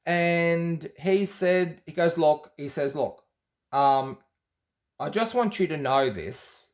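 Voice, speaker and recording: A man's voice: fairly high pitch, expressive, slow pace. Rambling man telling a personal story. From Australia. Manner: rambling, with frequent restarts and quoted dialogue. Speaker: former Jehovah's Witness telling his story. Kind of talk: casual storytelling monologue.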